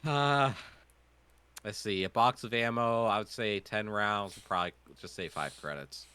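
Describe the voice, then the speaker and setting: A man's voice: lowish voice, a little slow, pushed and bright, smooth. A man running a tabletop game as game master, talking casually and thinking aloud.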